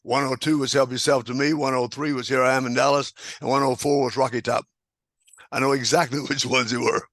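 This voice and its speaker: A man's voice: mid-range voice, little pitch movement, a little fast, fairly bright tone, dry recording. An older man, a guest telling rambling anecdotes with chuckles and restarts. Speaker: guest square dance caller. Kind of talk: casual storytelling interview.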